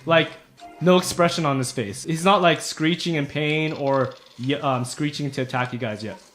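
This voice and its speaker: Man, game master, casual tabletop narration, slightly high voice, loose and rambling. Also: moderate pace, fairly bright tone, soft background music.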